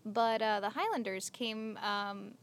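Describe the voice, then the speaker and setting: A woman's voice: mid-range voice, slow pace, slight background noise. A young woman co-hosting a podcast, chatty and giggly, telling a story with lots of filler words. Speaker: podcast co-host. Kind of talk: casual podcast chat.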